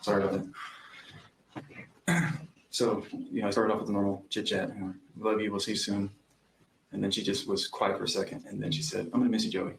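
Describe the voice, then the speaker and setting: A man's voice: on the low side, little pitch movement, a little fast, creaky, long pauses, a little hiss or hum, rough recording. A young man testifying as a witness in court, recounting events hesitantly with frequent ums. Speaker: trial witness.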